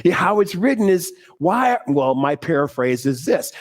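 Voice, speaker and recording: A middle-aged man giving an animated sermon to a congregation, laughing often and leaning on preacherly emphasis. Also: a little high, moderate pace. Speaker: spiritual speaker.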